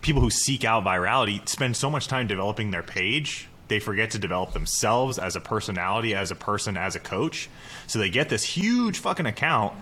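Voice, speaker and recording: A man co-hosting a podcast in casual, profane chat, quick, joking and blunt. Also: fairly low pitch, lively intonation, pushed and bright. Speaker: podcast co-host.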